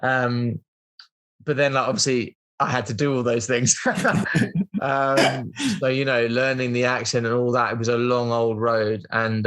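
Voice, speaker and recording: A man's voice: medium pitch, a bit bright. A British man in his thirties, a podcast guest telling a story in a rambling, chatty way with plenty of fillers. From Britain. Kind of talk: casual storytelling interview.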